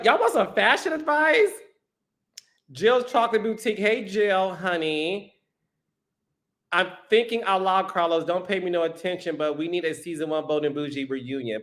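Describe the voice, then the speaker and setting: A man's voice: sits high, bright, forceful tone. A man hosting a live stream, reading out viewer comments in a sassy, playful way and calling people honey and child. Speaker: podcast host.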